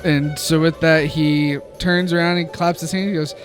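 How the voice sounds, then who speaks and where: A man's voice: on the high side, fairly even intonation, moderate pace. A man narrating and running a tabletop game in a casual, laughing manner. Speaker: game master. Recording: background music. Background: music.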